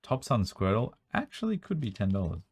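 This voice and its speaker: A young man with a strained, worn-out voice, chatting quickly as he sorts through a card collection at home, with bursts of excitement. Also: on the low side, breathy edge. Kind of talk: casual running commentary while sorting cards. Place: room at home.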